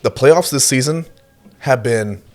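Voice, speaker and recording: A man's voice: medium pitch, measured pace, faint music behind. A young man co-hosting a podcast, chatting casually about football with frequent fillers and easy laughs. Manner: relaxed, laughs often, hedges with fillers. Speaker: podcast co-host. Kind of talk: casual sports chat.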